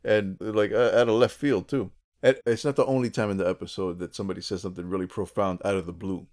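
A man with a fairly low voice hosts a relaxed podcast, walking through a cartoon episode scene by scene. He tells it in an animated, chatty way, full of asides. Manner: animated storyteller, quick asides, frequent laughter. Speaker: podcast co-host. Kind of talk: casual chat recapping a cartoon episode.

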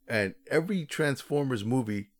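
A man co-hosting a casual chat, earnest and measured like a knowledgeable fan. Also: medium pitch, lively intonation, no echo. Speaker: podcast co-host.

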